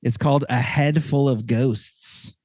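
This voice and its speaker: A man hosting a casual podcast chat with a Texan accent, rambling and excitable, with many restarts. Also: medium pitch, slow, dry recording, studio quality. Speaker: podcast host.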